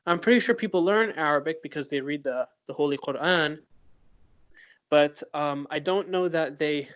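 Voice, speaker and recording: A man's voice: fairly high pitch, normal speed, fairly bright tone, lo-fi sound. Rambling male podcast co-host. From Arab background. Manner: rambling, hesitant with many fillers. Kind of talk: casual chat.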